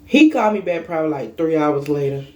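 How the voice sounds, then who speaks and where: A woman's voice: sits low, expressive, quick pace, warm tone. A young woman vlogger telling a personal story in a casual monologue, blunt, emphatic and full of cursing.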